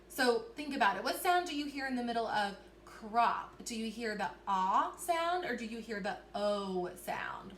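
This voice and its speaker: A woman teacher giving a recorded reading lesson to children, encouraging and clear, slowly sounding out words. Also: fairly high pitch, lively intonation, fairly bright tone. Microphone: recorded to camera for video. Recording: echoey room, faint background hiss.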